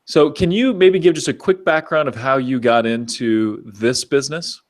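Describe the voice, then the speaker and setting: A man's voice: mid-range voice, moderate pace. A man hosting a business interview show, enthusiastic and chatty, often restarting his words. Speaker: podcast host. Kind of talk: upbeat show host chat.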